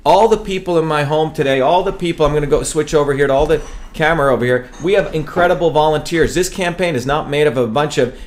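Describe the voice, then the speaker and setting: A man's voice: fairly high pitch, quick pace, few pauses. Emphatic man on a campaign show. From India. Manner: emphatic, repeats himself, stumbles on words. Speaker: political candidate hosting a web show. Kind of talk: campaign talk to camera.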